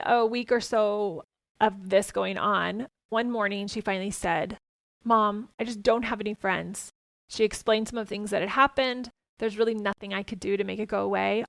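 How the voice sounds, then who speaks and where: Mom hosting a parenting podcast, soft earnest reassuring tone, dry close recording. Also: female voice, medium pitch, creaky, no echo. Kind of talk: podcast advice talk with personal stories.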